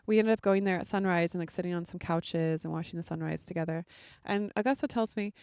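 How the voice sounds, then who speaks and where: A woman's voice: on the low side, fast, a little mellow, clear, resonant tone, dry recording, clean studio sound. A woman hosting a podcast, telling a personal story in a casual, chatty way full of filler words. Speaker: podcast host.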